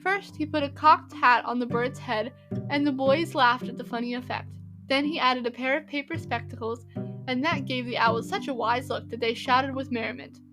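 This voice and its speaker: A woman narrating a classic novel in a measured, expressive reading. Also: high voice. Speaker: audiobook narrator. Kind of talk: storybook reading. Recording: reading over music.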